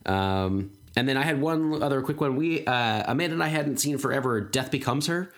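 A man's voice: medium pitch, expressive, a little fast. Podcast co-host, man, 30s: loose rambling casual chat, full of fillers. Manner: rambling, many fillers and restarts.

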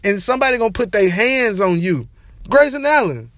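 A young man ranting casually to camera as a sports and entertainment vlogger, slangy and animated, repeating his catchphrases. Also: high-pitched, a little fast, no room sound. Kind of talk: casual opinion rant to camera.

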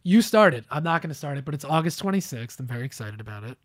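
Loud joking man hosting a podcast. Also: very animated, fast, no echo, clean studio sound. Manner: loud, swearing, joking, often jumps up in pitch. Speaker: podcast host. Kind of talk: casual chat.

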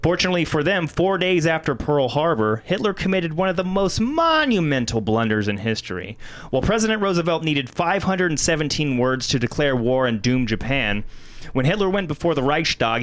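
A man's voice: a little high, big pitch swings, normal speed, fairly bright tone. A man with an Ohio accent co-hosting a podcast, reading history notes aloud. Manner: reads history aloud, breaks into laughs. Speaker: podcast co-host.

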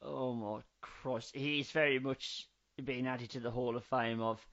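A man's voice: mid-range voice, steady tone, unhurried, fairly bright tone, highs cut off. A man co-hosting a casual film-review podcast, ranting in an exasperated, sweary way. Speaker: podcast co-host.

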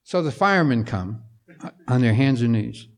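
A man's voice: mid-range voice, normal speed. An older man, a composer-conductor, telling anecdotes to a luncheon audience and acting out the voices of people in his stories. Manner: animated storyteller who acts out quoted voices.

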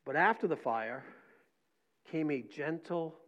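A middle-aged man preaching a sermon in a conversational way, often asking "right?" and dropping his voice to a soft hush for emphasis. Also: fairly high pitch, expressive, a little slow. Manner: conversational preaching with frequent "right?" and repeated words; drops to soft near-whispers for emphasis. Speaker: pastor. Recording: dull lo-fi recording.

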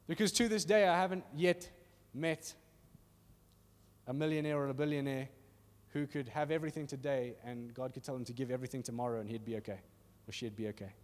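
A man preaching a sermon in a church hall in an animated, conversational way, often asking "are you with me?". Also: medium pitch, fairly quick. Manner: animated and conversational, acting out little voices, asks "are you with me?". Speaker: pastor. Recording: reverberant hall.

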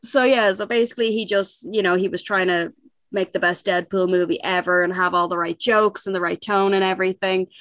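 An excitable woman co-hosts a casual podcast chat, laughing often and wandering through her sentences with fillers. Her voice sits at a middling pitch, and the recording is dry and close. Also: a little fast, no echo. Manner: excited, giggly, rambling with fillers. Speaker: podcast co-host.

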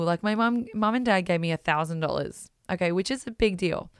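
An Australian woman telling a personal story in a chatty, animated way, full of "like" and "you know". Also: lowish voice, a little fast, hardly any pauses, clear, resonant tone, dry recording, studio quality. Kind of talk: casual storytelling monologue.

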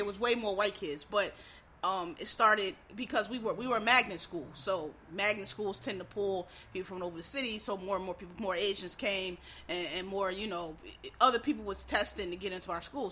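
A woman's voice: mid-range voice, fairly quick, pushed and bright, slightly rough. A woman from Philadelphia in a casual, profane monologue, ranting bluntly as a podcast host.

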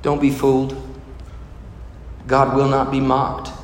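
A man's voice: medium pitch, completely flat delivery, takes it slowly. A man preaching a sermon as a pastor, telling stories dramatically and acting out the voices of the people in them. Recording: echoey hall, faint noise.

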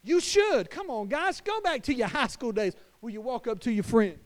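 A man pastor preaching a sermon to fathers, emphatic, swinging between hushed lines and loud declarations. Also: very high-pitched, big pitch swings, moderate pace. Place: church.

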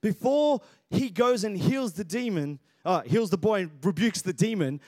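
With a high voice at a normal speed, a pastor preaches vigorously, performing Bible voices and calling on his congregation. The audio is clean studio sound, without room sound.

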